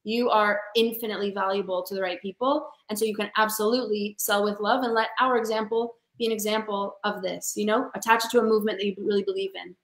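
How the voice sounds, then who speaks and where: Talking fast with few pauses and fairly even intonation, a woman with a mid-range voice is interviewed over video call from an echoey room. As a sales coach for women, she's passionate and emphatic, and she calls listeners "honey."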